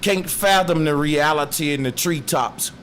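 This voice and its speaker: A man muses slowly through a philosophical monologue in streetwise slang. His voice sits a bit high for a man. A faint hiss hangs behind him. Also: a bit bright. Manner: slow, musing, streetwise slang. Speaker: speaker.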